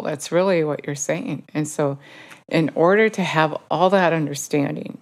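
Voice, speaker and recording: A woman's voice: low-pitched, moderate pace. A woman giving an informal Bible teaching, speaking conversationally and correcting herself as she quotes scripture. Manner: conversational, self-correcting while quoting scripture. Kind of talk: informal sermon.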